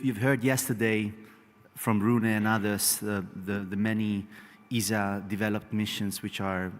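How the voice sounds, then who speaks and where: A man presenting a technical talk at a conference, speaking briskly to fit his time slot. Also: fairly low pitch. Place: large conference hall. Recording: long hall reverb.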